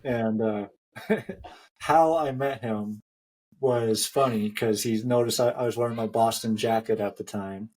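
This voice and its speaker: A man's voice: on the low side, steady tone, a little slow, darkish tone, husky. Chatty man telling a running story. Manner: chatty storyteller, laughs often. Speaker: running podcast host. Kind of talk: casual chat.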